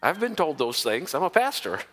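Male pastor, emphatic sermon delivery, forceful tone, long reverb. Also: fairly high pitch, very animated, normal speed. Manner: emphatic, repeats words for stress.

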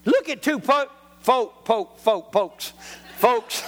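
A man's voice: extremely high pitch, expressive, takes it slowly, fairly bright tone, in a large hall. A man preaching a folksy, joking sermon in a church, dropping frequent amens. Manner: folksy, jokey, punctuated with amens. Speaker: traveling preacher.

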